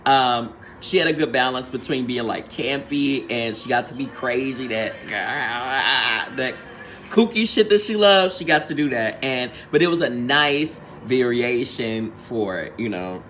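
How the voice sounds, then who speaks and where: This recap host for a reality show is a man whose medium-pitched voice sounds pushed and bright, moving at a measured pace with slight background noise. His casual recap leans on sassy, profane drag slang, and he performs quotes in changed voices.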